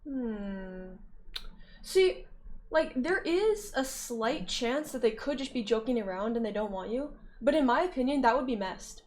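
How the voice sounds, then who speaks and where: A woman's voice: fairly high pitch, animated, unhurried. A young woman streamer reading chat aloud and answering it in a playful, teasing way, laughing often and humming or singing in little snatches. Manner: reads chat messages aloud and answers them. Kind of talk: casual livestream chat.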